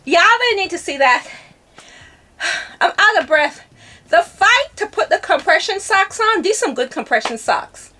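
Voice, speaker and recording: A woman's voice: very high voice, sing-song, unhurried, bright, forceful tone, far from the mic, a little hiss or hum. An older woman, chatting casually to camera as a travel vlogger, laughing often and talking to herself.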